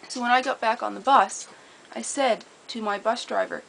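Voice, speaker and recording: A woman telling a personal story in a casual, earnest way, detailed and steady, with small repeated restarts. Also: fairly high pitch, normal speed, vocal fry, a little hiss or hum, rough recording. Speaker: storyteller sharing a personal memory.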